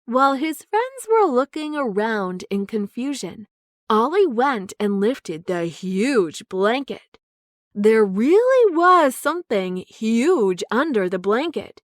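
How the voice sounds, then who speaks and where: A woman reading a children's story aloud, slow and clear. Her voice is high and animated, rising and falling, recorded close and dry. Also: dry recording.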